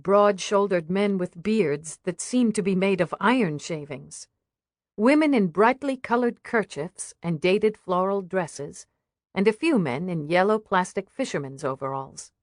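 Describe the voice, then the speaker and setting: Low-voiced woman reading an audiobook. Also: darkish tone, dry recording, studio quality. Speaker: audiobook narrator. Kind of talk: scripted narration.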